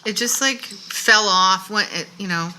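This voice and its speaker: A woman's voice: medium pitch, measured pace, pushed and bright, slight background noise, low-quality recording. A woman co-hosting a casual makeup chat, joking and rambling a little. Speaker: co-host.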